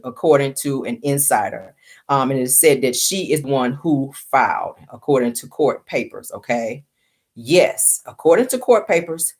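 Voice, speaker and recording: A woman hosting casual celebrity gossip commentary, sassy and opinionated, often calling viewers honey. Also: very deep voice.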